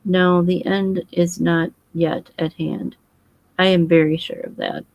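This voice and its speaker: A woman voicing a precise, fussy foreign male detective who speaks in formal, measured phrases. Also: on the low side, level tone, creaky, dry recording, muffled recording.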